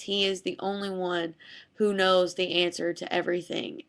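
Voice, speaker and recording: A young woman vlogging to her camera about a lesson from her fitness class. Her voice sits at an ordinary middle pitch, and she talks in a chatty, animated way with lots of "like"s. She acts out other people's lines as she tells the story. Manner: chatty, animated retelling with many "like"s, acting out quotes. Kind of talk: casual devotional storytelling to camera.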